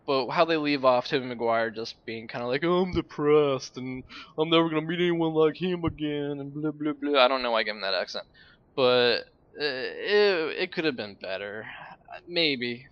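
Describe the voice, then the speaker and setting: A man's voice: mid-range voice, fairly bright tone. Young guy rambling about movies while gaming, swears offhand, muffled cheap mic. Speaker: gamer and uploader. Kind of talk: rambling casual commentary over gameplay. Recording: lo-fi home mic.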